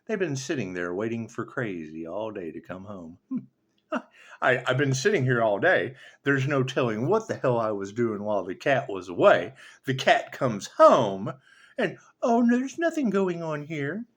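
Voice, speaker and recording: Sardonic and swearing freely, a man who reads tarot rants casually about spiritual matters, wandering between thoughts. He has a mid-range, slightly bright voice with big pitch swings at a normal speed.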